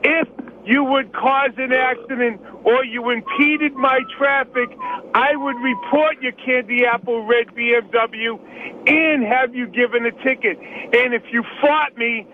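A combative male caller with a Boston accent, pushing insistently to be heard. His voice is quite high and comes through a tinny phone line with a faint hiss. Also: steady tone, a little slow. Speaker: caller, firefighter.

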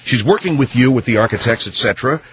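A man's voice: medium pitch, animated, quick pace, a bit bright, slight background noise. A man hosting a radio call-in show, mediating and exasperated. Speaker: radio talk show host.

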